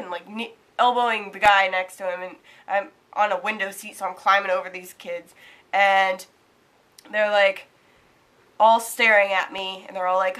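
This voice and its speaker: A young woman vlogging, casually telling a story, animated and swearing casually. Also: medium pitch, a little slow. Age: young adult.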